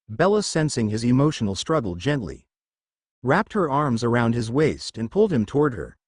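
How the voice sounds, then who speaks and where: A man narrating a fan fiction story in a steady, expressive storytelling voice. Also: mid-range voice, no echo, clean studio sound.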